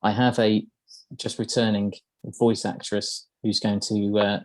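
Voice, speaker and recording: Low-voiced podcast host guy, rambling through game lore with tons of ums, dry close sound. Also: little pitch movement, unhurried, no echo. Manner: hesitant, lots of ums and uhs. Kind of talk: casual chat explaining game lore.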